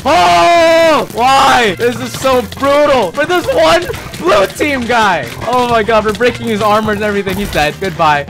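Young guy yelling through a game, mutters then shrieks, slightly high voice, lots of ups and downs, music going in the back. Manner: excitable, yelps and laughs, swings from mutter to shout. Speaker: gaming YouTuber. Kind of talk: excited Minecraft gameplay commentary.

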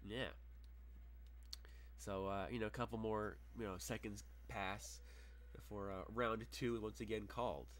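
Young man, low voice, game master narrating a tabletop fight, loose and halting with fillers. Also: fairly even intonation, fairly bright tone, a little hiss or hum.

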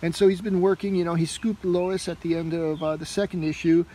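Male comic reviewer, high-ish voice, casual and meandering, filler-heavy delivery. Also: level tone, brisk, dark tone, poor audio. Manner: rambling, heavy on fillers like "you know" and "uh".

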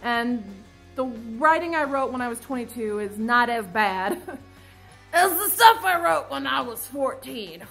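A woman's voice: fairly high pitch, expressive, a little slow, gravelly, a bit bright, faint music behind. A woman in her twenties vlogging casually about her own writing, dramatic and self-mocking, laughing often, with mock-anguished outbursts. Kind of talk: casual confessional vlog.

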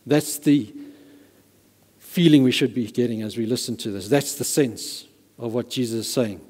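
A male pastor preaches with emphatic stress and repeats words to drive a point home. His voice is warm and mellow. The sound carries a long reverb from the church hall. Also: mid-range voice, moderate pace, husky. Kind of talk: sermon.

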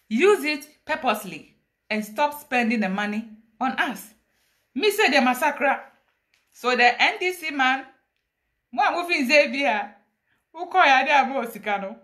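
A woman with a high, slightly bright voice livestreams a confession on social media. She is Ghanaian, and her monologue turns preachy and dramatic as she laughs through stories in a blend of English and Twi.

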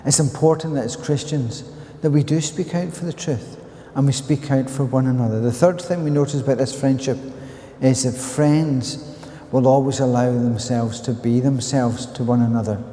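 Northern Irish preacher in a reverberant church. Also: male voice, mid-range voice, moderate pace, warm tone. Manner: earnest, storytelling with frequent restarts. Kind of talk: sermon.

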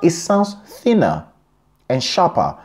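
A man's voice: fairly high pitch, huge pitch swings, takes it slowly, darkish tone. A man teaching a singing lesson, explaining in short phrases and singing examples. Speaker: singing coach. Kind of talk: vocal lesson with sung examples.

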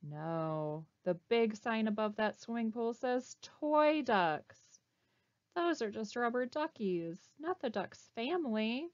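A woman librarian reading a picture book aloud to children, pausing to ask them questions. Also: on the high side, no echo. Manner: animated, asks children questions. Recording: dull, slightly muffled recording.

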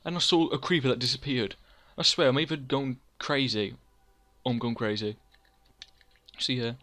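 A young man chats through a building game at an ordinary middle pitch. He rambles from one thought to the next, teases himself and answers his own questions. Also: normal speed, pushed and bright. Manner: rambling, self-mocking, talks to himself by name. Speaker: let's play host. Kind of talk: casual gameplay commentary.

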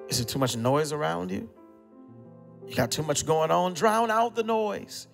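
A high-pitched male pastor with a gravelly edge preaches emphatically, leaning on repetition and sudden hushes. His voice rings out in a long-reverb hall with soft music underneath. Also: sing-song, a little slow. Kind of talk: sermon.

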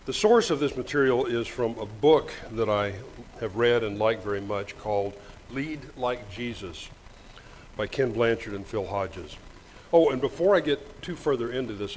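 An older man delivering a Sunday sermon in a church, joking lightly and reading scripture slowly. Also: mid-range voice, slight background noise, rough recording. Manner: folksy, joking asides, reads scripture slowly. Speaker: preacher. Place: church sanctuary. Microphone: microphone with monitor.

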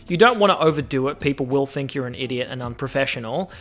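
Animated Australian man hosting a podcast. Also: medium pitch, faint music behind. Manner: animated, joking, drawn-out stresses on lists. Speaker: podcast host. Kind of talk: casual solo podcast monologue.

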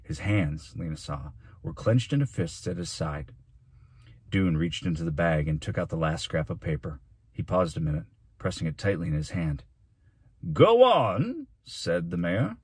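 A male teacher reads a chapter of a children's novel aloud, telling the story in an even, steady way at a moderate pace. His very low, husky voice is captured dry and close, with no echo.

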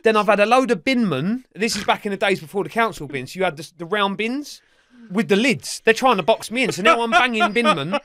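Animated swearing man telling tales. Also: high-pitched, fairly quick, dry recording, clean studio sound. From England. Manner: animated, swears freely, acts out the voices of others. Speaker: interview guest. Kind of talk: storytelling in a podcast interview.

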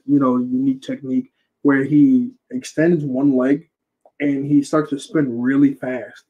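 Husky young man rambling through a recap. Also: medium pitch, phone-quality sound. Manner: rambling, slangy, self-correcting. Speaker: reviewer. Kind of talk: casual movie recap.

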